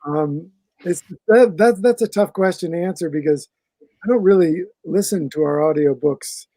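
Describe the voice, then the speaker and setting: A man's voice: on the high side, moderate pace, dark tone, no echo, low-quality recording. A man, an author being interviewed on a video call, answering casually and often restarting his sentences as he thinks. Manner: rambling, restarts phrases while thinking. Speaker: author guest.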